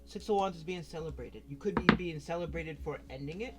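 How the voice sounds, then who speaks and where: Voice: mid-range voice, brisk, over loud music. A tarot reader giving a casual card reading straight to the viewer, talking frankly and cursing freely. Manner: chatty, frank, swears freely, addresses the viewer directly.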